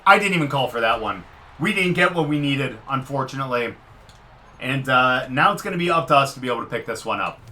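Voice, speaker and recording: A man giving live commentary over his own football video game, swinging from muttered frustration to loud excitement. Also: mid-range voice, fast. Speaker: gaming commentator.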